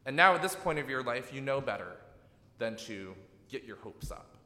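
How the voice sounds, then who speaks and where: A pastor delivers a sermon in a bright, ringing, mid-range voice with big pitch swings and a normal speed. He sounds reflective and gently emphatic, often asking "right?" to draw listeners in. The recording is from an echoey hall with a long reverb tail.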